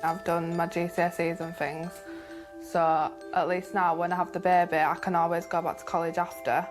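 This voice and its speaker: A woman's voice: fairly low pitch, flat delivery, normal speed. An 18-year-old woman, an expectant mother, talking in a chatty, giggly way in documentary interviews and on a labour ward. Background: background music.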